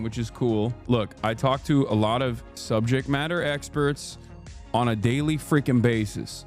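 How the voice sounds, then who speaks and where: A man hosting a livestream, talking casually to his chat in a rambling, heated and jokey way. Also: medium pitch. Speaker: livestream host.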